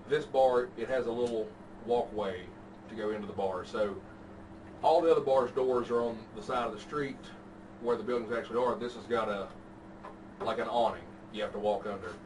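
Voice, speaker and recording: A man telling a story in casual chat, laid-back and profane. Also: medium pitch. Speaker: podcast host telling a story. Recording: distant mic with background noise.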